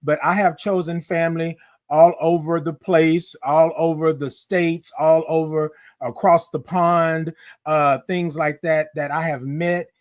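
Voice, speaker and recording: A man hosting a live-streamed morning show, chatty and lively, calling out greetings to his viewers. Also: on the high side, measured pace, no echo, studio quality. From Houston, Texas. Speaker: host.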